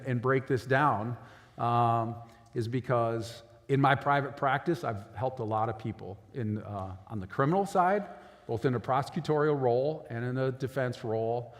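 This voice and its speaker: Guy lawyer talking to students in a big echoey hall, keeps saying right?. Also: medium pitch. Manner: conversational, often checks in with "right?". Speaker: lawyer speaking at a school. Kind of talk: informal talk to students. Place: school auditorium. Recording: echoey hall with long reverb.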